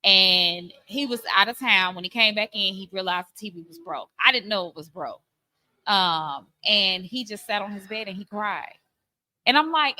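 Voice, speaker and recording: A middle-aged woman, telling a heartfelt family story on a podcast with many fillers and pauses. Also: medium pitch, bright, forceful tone, no room sound. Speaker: podcast co-host. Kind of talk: candid conversation about parenting.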